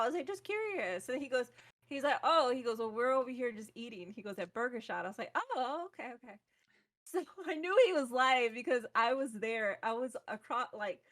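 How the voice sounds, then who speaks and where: Appearing as a guest on a podcast, a young woman tells a story casually and with animation, laughing often. Her pitch is fairly high.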